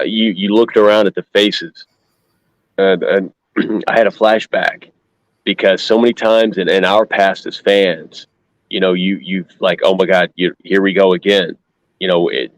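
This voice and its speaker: A man's voice: deep voice, steady tone, moderate pace, no echo, highs cut off. A man speaking earnestly and gratefully in casual chat as a guest fan on a video call.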